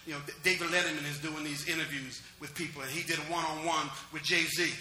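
A man's voice: a little high, steady tone, fast, bright, forceful tone, roomy sound. A middle-aged man preaching a sermon in a conversational style, calling out to the congregation. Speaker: pastor.

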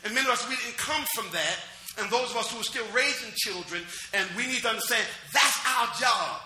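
A man's voice: extremely high pitch, fairly quick, bright, forceful tone, reverberant. A middle-aged man preaching a sermon in a conversational style, calling out to the congregation. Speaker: pastor.

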